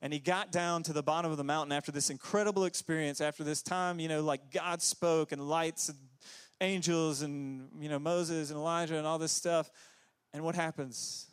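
A man giving a casual, conversational sermon as pastor, full of fillers and quick asides. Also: fairly even intonation, clear, resonant tone. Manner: conversational, many fillers, jumps into high put-on voices for quotes.

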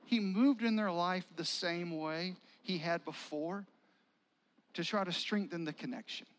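A man preaching a sermon in a conversational, animated storytelling manner, often acting out what people said and joking with the congregation. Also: sits high, a little slow, rough recording. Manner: animated, conversational, acts out quotes and jokes. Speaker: pastor.

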